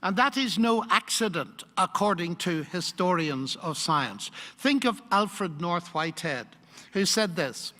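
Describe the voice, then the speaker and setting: An older man giving a public lecture in a university hall, measured and emphatic, posing rhetorical questions. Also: high voice, lively intonation, pushed and bright. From United Kingdom. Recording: long hall reverb.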